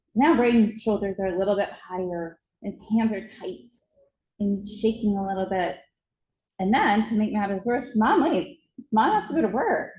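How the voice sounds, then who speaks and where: A woman's voice: mid-range voice, normal speed, a little mellow, reverberant, muffled recording, slight background noise. A woman speaking at a conference, telling a vivid story about a child and acting out its moments. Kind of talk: storytelling presentation. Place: conference hall.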